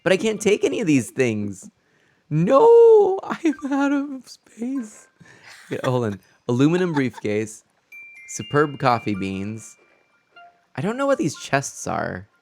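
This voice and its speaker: A man's voice: medium pitch, huge pitch swings, a little slow, gravelly, darkish tone, soft background music. A man streaming a game from a room at home, chatting casually and stumbling over his words on a desk mic. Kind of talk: casual chat while playing a game. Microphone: new desk mic setup.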